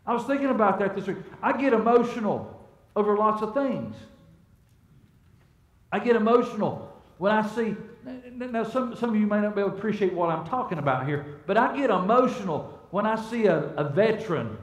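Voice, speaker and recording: A man's voice: high-pitched, lively intonation, fairly quick. A middle-aged man, preaching as a pastor in a church. He speaks conversationally, restarts and repeats words, and asks the congregation questions. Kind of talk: sermon. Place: church sanctuary.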